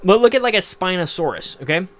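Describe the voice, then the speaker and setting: A man's voice: high-pitched, very animated, fast talker. A young man hosting a livestream, ranting casually to his chat in a mocking, profane, rambling way. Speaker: livestream host. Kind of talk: casual rant to live chat.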